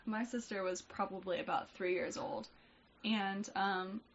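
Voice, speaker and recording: A woman co-hosting a casual chat podcast, telling family stories with animated quoted voices and frequent laughter. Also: mid-range voice, a little slow, lo-fi sound, slight background noise. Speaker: podcast co-host.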